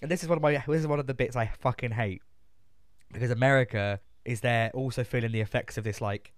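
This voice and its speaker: A man's voice: mid-range voice, no room sound, clean studio sound. A man, recapping a film in casual chat with a co-host, swearing often and acting out characters. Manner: sweary, animated, acts out characters in quick asides. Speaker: podcast co-host.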